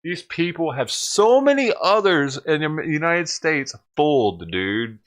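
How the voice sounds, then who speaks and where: A man's voice: fairly high pitch, big pitch swings, measured pace, a bit bright. A man doing a sarcastic, profane rant as a livestreamer, mocking and riled up. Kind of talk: ranting livestream commentary.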